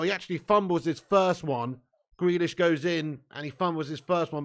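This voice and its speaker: A young man with a fairly high-pitched voice runs a live football watch-along. He trades banter with his chat, swears without restraint, and turns loud when a chance arrives.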